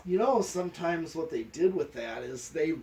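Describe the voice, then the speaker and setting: A man's voice: fairly high pitch, expressive, normal speed, a little mellow, far from the mic, a little hiss or hum. A man testing a ceiling fan, talking practically and counting settings aloud. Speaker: fan tester. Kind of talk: casual technical chat.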